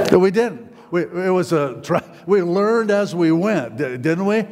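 A man's voice: sits high, animated, unhurried, a little mellow. A middle-aged male pastor delivers a sermon in a casual, rambling way, stumbling over fillers and restarting his sentences. He keeps turning to the congregation with questions. His voice carries a long reverb from a church hall.

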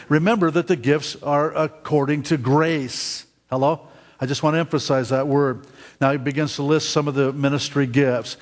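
Pastor preaching in a reverberant hall. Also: male voice, medium pitch. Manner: halting, repeats words, asks the congregation questions. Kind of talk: sermon. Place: church sanctuary.

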